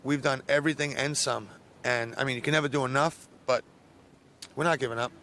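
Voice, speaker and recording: A man's voice: medium pitch, steady tone, brisk, sharp tone, a little hiss or hum. Earnest man with a determined voice. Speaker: interviewee, relative of a missing man.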